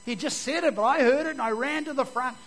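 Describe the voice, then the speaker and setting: A man giving a personal testimony to an audience, telling it vividly and moving from loud to hushed. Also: very high voice, fast, slightly rough, poor audio. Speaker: speaker giving his testimony.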